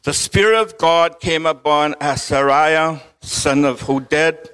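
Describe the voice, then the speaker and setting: A middle-aged man delivers a sermon at an unhurried pace, his voice sitting a little high for a man. He mixes gentle jokes and chuckles with careful, measured scripture reading. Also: clean tone. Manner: joking, chuckles often, slow measured reading. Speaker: preacher.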